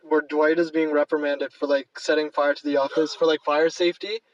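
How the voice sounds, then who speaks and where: A man's voice: on the high side, flat delivery, fairly quick, no echo, distant mic, lo-fi sound. Rambling man chatting about movies. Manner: rambling, lots of fillers and laughs. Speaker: podcast co-host. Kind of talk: casual movie review chat.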